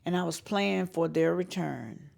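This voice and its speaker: A woman from North Carolina, a singer-songwriter telling animated stories in an interview. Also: fairly low pitch, unhurried, creaky. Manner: animated storyteller who acts out the voices of people she quotes, laughing often. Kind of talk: storytelling interview.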